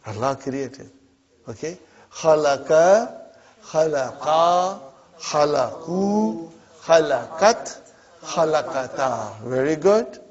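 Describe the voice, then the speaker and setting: A man's voice: on the high side, darkish tone. A man teaching an Arabic grammar class, drilling verb forms aloud and checking in with his students. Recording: dull lo-fi classroom recording.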